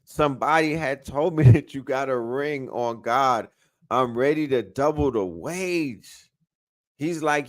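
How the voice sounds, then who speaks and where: A man streams his reaction to a rap song, going from low mutters to loud excited outbursts. His voice sits at an ordinary middle pitch, and he keeps repeating lines and throwing in slang. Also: a little slow. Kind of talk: live stream reaction commentary.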